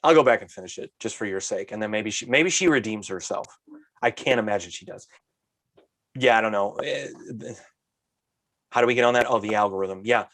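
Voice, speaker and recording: Exasperated, animated man ranting in a podcast. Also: on the low side, brisk, no echo. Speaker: podcast co-host. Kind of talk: casual chat.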